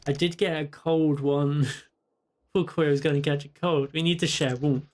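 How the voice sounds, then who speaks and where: A man's voice: fairly high pitch, steady tone, measured pace, a little mellow. A man streaming a video game, chatting playfully and teasing in-game characters, often repeating himself. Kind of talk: casual gameplay stream chat.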